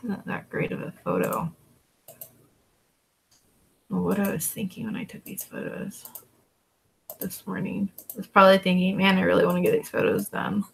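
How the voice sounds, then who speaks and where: Gravelly and creaky-voiced, this woman runs an online reselling vlog and chats loosely with her audience while working, fielding their questions. She takes her time, drawling with frequent fillers, and switches to a high, coaxing voice to call her dogs; a faint hiss or hum sits underneath.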